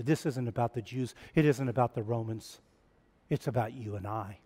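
A male pastor preaching a sermon in a church, swinging between loud emphatic runs and hushed, quiet lines. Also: medium pitch, normal speed, slightly rough. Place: church sanctuary. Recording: long reverb of a church hall.

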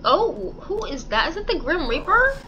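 A woman's voice: extremely high pitch, big pitch swings, normal speed, lo-fi sound, noisy background. A young woman giving casual, giggly commentary over a life-sim game, reacting with stammers and exclamations. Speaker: gaming YouTuber.

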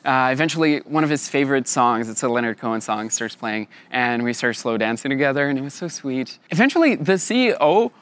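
A young man with a mid-range voice tells a personal story briskly and with hardly any pauses. He's lively, laughs often, and acts out the voices of other people.

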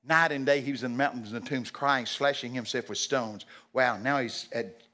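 A man preaching a sermon at a church service, animated and jokey, breaking into shouted acted-out lines. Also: medium pitch, moderate pace. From Texas.

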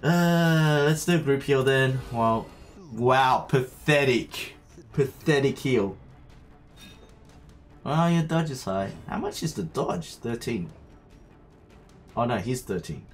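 Faint game music sits behind a man streaming a game, his mid-range voice animated but slow. He keeps up a chatty live commentary, talking to himself and his viewers as he plays.

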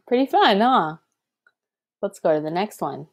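A woman's voice: medium pitch, animated, a little slow, pauses often, noisy background. A young woman teaching a children's music lesson, chanting rhythm syllables in an encouraging, sing-song way.

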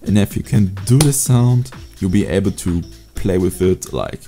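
A young man teaching a beatbox sound in a casual home video tutorial, relaxed and hesitant, with many fillers. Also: sits low, normal speed, faint music behind. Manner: laid-back, hesitant with fillers. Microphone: USB desk mic.

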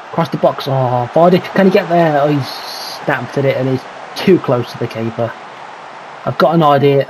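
A man's voice: mid-range voice, darkish tone, a little hiss or hum, poor audio. A man giving casual let's-play commentary on a football management game, calling out players and thinking aloud about tactics. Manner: calls player names, mutters his own worries. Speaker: gaming commentator.

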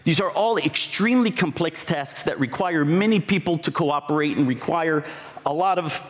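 A man's voice: fairly high pitch, moderate pace, fairly bright tone. A man giving a conference talk, explaining ideas in a reflective way with occasional restarts. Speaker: conference speaker. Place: conference hall. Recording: hall reverb.

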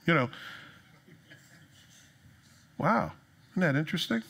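Man, pastor, sermon, conversational, joking, bright tone. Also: medium pitch, moderate pace. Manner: conversational, joking, animated storytelling.

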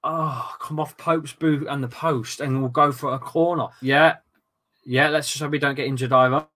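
Man, football watchalong host, animated outbursts, swearing, bright tense tone, slightly high voice. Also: moderate pace. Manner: casual banter with friends. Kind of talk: excitable live match commentary.

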